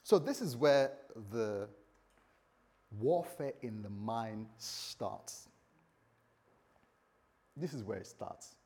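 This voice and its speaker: A male pastor preaching a sermon in a church, animated and lightly teasing his congregation. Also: medium pitch, extremely slow, long pauses, husky.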